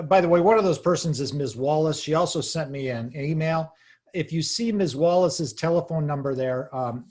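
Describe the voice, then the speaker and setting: A man's voice: fairly high pitch, darkish tone. Wry man presenting on a video call. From Arizona. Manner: wry, dry humor, casual asides. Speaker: lawyer giving a talk.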